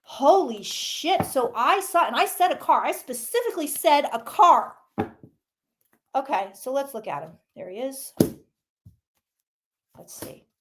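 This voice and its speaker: A woman with a high, bright-sitting voice reads tarot cards live for her viewers. She talks casually and excitably, swears a little, and keeps breaking off to greet people in the chat. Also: measured pace, long pauses, slight background noise. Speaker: psychic reading tarot on a livestream.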